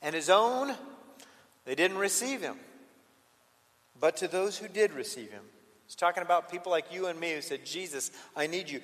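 A male pastor preaches with a high, ringing voice in a church sanctuary. He swings from loud, emphatic peaks to hushed, intimate asides. The sound carries a long reverb from the hall. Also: animated, normal speed. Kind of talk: sermon.

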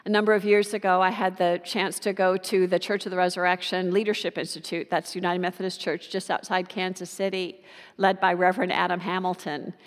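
A woman preacher telling a story in a sermon, in an unhurried, warm anecdotal way. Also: lowish voice, little pitch movement, long reverb tail.

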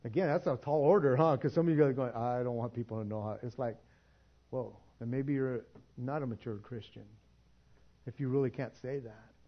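A man's voice: mid-range voice, normal speed, muffled recording. A man preaching a sermon in a church, casual and conversational, often restarting words and laughing. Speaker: pastor.

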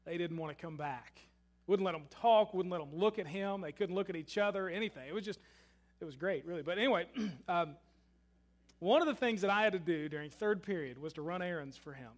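High-voiced preacher telling a story. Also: male voice, a little fast. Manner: storytelling, swings between loud emphasis and hushed asides. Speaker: pastor. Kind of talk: sermon.

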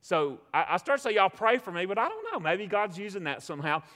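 A man's voice: sits high, very animated, fast, bright, forceful tone, big-room sound. A middle-aged man with a Southern US accent, preaching a sermon with emphatic repetition and call-and-response asides from a church stage. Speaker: pastor.

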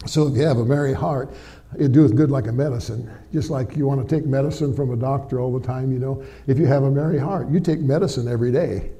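A man's voice: mid-range voice, fairly even intonation, fast. A middle-aged man preaching a sermon to a church congregation, folksy and chatty, peppering his talk with amens and questions to the people. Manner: folksy, warm storytelling with frequent amens and tag questions to the congregation. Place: church before a live congregation.

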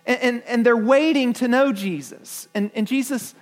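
A man preaches to his church in a strikingly high voice. He talks earnestly, stumbling over repeated words as he builds his points. He keeps turning to the congregation with questions. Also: normal speed. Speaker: pastor. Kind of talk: sermon.

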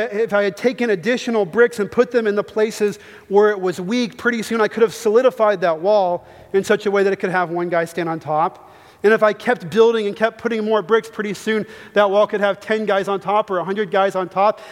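A man preaching a sermon, emphatic and reading scripture passages aloud to his congregation. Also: high voice. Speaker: pastor. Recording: reverberant hall.

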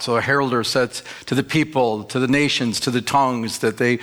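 Male pastor, sermon, conversational, quizzes the congregation, mid-pitched voice. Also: steady tone, a little fast, few pauses, fairly bright tone. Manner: conversational, asks the audience questions.

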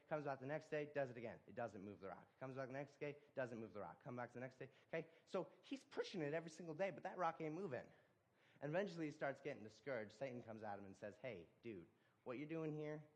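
A man preaching a sermon, telling a folksy story with casual asides. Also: medium pitch.

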